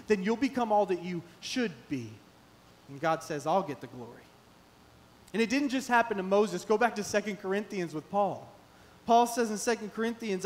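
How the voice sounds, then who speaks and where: High-voiced animated male preacher. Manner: animated, acts out quoted voices with rising emphasis. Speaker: pastor. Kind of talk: sermon. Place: church sanctuary.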